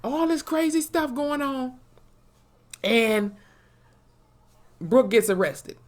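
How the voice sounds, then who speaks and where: A young woman, recapping a TV episode in an animated, profane way and acting out the characters' lines. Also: high voice, slow. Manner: animated, profane storytelling with acted-out quotes. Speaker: TV episode reviewer. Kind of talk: casual recap vlog.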